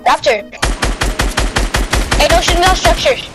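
A very high voice, a woman gamer, begging another player to stop and swearing at them in quick repeats. Game music and gunfire play clearly behind her. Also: animated. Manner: pleading, swearing, rapid repeats. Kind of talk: game chat. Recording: voice over loud game music.

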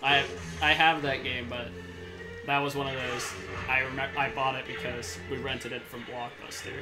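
A young man playing a video game as a guest, excitable and quick to laugh. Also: mid-range voice. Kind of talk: casual gaming chat. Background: game music.

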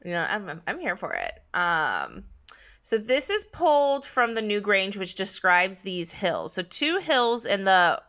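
A woman's voice: mid-range voice, wildly swooping pitch, measured pace, a bit bright. A woman co-hosting a casual chat podcast, chatty and giggly, often stumbling over hard words. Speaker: podcast co-host.

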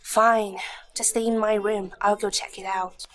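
An actress playing a sharp-tongued young mother who teases and talks briskly. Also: mid-range voice, level tone, lightly acted. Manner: teasing and brisk. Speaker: young mother, lead heroine. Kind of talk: short drama acting.

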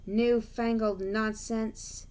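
A woman voicing a grumpy, proud male steam engine in a storybook reading, speaking slowly and sniffily. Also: fairly high pitch, darkish tone, close to an everyday voice. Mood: dismissive. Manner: slow, huffy and sniffy.

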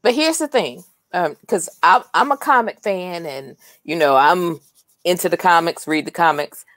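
A woman chatting casually in a movie review, measured and knowing with a teasing edge. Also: fairly low pitch, animated, fairly bright tone, dry recording. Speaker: podcast co-host. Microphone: video call.

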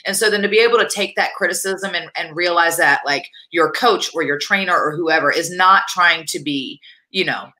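A woman with a lowish but bright voice gives blunt, honest opinions. She rambles, filling her speech with "like" and "you know", in a casual video interview. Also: normal speed, poor audio. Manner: frank, rambling, many fillers like "like" and "you know". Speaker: guest, wrestler.

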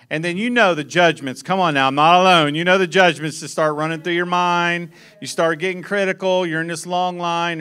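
A man preaching a sermon to a congregation, telling a story with lively asides and calling out to the room. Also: a little high. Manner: animated storytelling, calls to the congregation.

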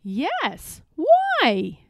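A woman's voice: high-pitched, wildly swooping pitch, very slow, dry recording, pitched above the performer's own voice, full character voice. A woman voicing a cheerful, teasing patchwork elephant in a storybook read-aloud. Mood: playful.

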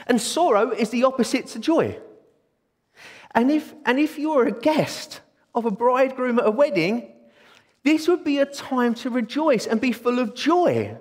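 A man preaching a sermon in a church, excitable and eager. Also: very high-pitched, measured pace. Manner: excitable, bursts into exclaiming. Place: church hall. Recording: long hall reverb.

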